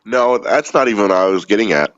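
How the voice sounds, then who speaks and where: A man's voice: fairly low pitch, brisk, fairly bright tone, no room sound, highs cut off. A man co-hosting a casual chat, dropping in dry teasing remarks. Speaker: podcast co-host.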